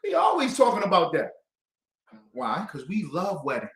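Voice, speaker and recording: A man's voice: high voice, wildly swooping pitch, normal speed, a bit bright. A man leading a call-and-response Bible class, quizzing his students with emphatic questions. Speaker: class teacher. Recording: echoey room.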